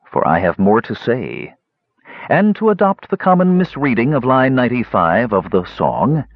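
A man narrating a fantasy audiobook in a measured, expressive reading style. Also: mid-range voice, breathy edge, dry recording. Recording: dry, dull lo-fi recording.

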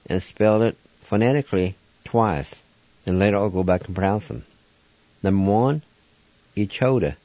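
Man, low mellow voice, slow deliberate radio lesson, dry dull lo-fi sound. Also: dry recording. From Oklahoma, United States. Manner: patient, spells words out slowly. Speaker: language teacher. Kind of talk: slow radio language lesson, spelling out syllables.

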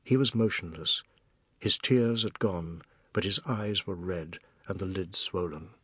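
Measured male audiobook narrator, dry studio. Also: low-pitched, fairly bright tone, breathy edge, no echo. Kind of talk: scripted literary narration.

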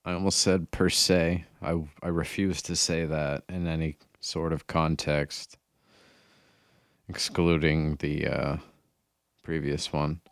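A man with a very low voice rambles slowly, losing his thread and correcting himself. The sound is dry and close. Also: little pitch movement, no room sound. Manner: meandering, trailing off, self-correcting. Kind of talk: rambling casual chat.

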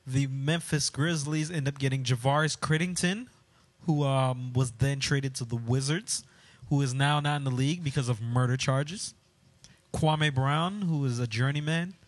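A man's voice: mid-range voice, moderate pace, dry recording. A man co-hosting a casual sports talk show, upbeat and laughing often as he moves between segments. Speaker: podcast co-host.

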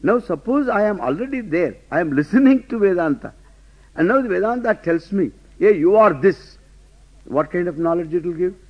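A man's voice: high voice, animated, a little fast. A man teaching a lecture class, emphatic, often asking rhetorical questions and laughing to himself. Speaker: Vedanta teacher. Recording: dull lo-fi lecture recording.

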